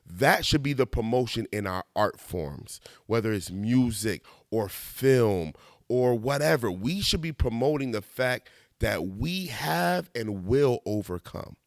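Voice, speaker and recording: Man, conversational monologue host, lively pitch, dry booth-like sound. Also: measured pace, no room sound. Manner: animated, conversational, laughs at himself, slangy asides. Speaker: video essayist. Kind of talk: casual monologue.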